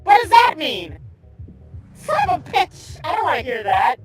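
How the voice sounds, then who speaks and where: A man speaking through a voice changer set to a high synthetic female-merc and robot voice, excitable and joking. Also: a little slow, very noisy, heavily acted. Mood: excited. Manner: excitable, yelps and jokes. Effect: high pitch-shifting voice changer.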